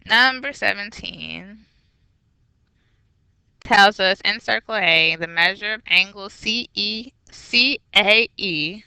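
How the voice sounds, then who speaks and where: Bright, crisp woman teaching math. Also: mid-range voice, takes it slowly, no echo. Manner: patient, step-by-step explaining. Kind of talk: recorded geometry review lesson.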